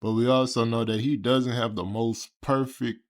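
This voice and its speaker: A man's voice: medium pitch, steady tone, normal speed. A young man reviewing a movie in a casual, crude and sarcastic manner, full of profanity. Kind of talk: casual video commentary.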